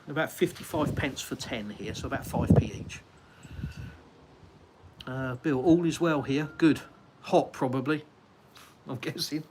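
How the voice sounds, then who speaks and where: A man's voice: mid-range voice, unhurried, pauses often, a little mellow, breathy edge. An English man hosting a casual live stream, answering viewer comments aloud as he walks around his house and out onto a windy terrace. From United Kingdom. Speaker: livestream host.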